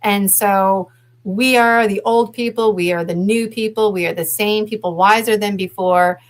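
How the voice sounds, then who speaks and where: Woman from Canada, mid-pitched, a guest speaking over a video call, loose and meandering with lots of ums. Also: steady tone, normal speed, poor audio. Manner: rambling, reflective, many fillers. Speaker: guest promoting a conference. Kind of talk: casual video-call interview.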